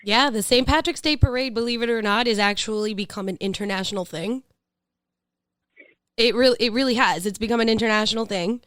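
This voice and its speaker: A woman's voice: fairly high pitch, fairly quick, fairly bright tone, dry recording. A woman from the United States hosting a podcast in casual, playful, jokey chat. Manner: playful, jokey, laughs often. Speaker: podcast host.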